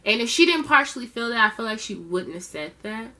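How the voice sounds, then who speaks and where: A woman's voice: a little high, lively intonation, a little fast, bright, forceful tone. A woman casually recapping a reality show episode in a chatty, sassy way, with slangy asides.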